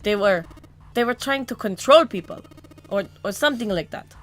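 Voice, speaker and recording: A woman's voice: mid-range voice, lively intonation, close to an everyday voice. A woman reading as a confused amnesiac ex-cop. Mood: urgent. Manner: halting, searching for words. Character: grown man, a troubled amnesiac ex-cop. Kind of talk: reading a visual novel aloud.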